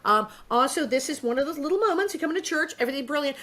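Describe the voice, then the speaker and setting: A woman in her sixties co-hosting a podcast, recapping an episode in lively, self-mocking stories. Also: high-pitched, very fast. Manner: animated, self-mocking storytelling. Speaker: podcast co-host. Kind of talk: casual chat recap. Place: podcast recording.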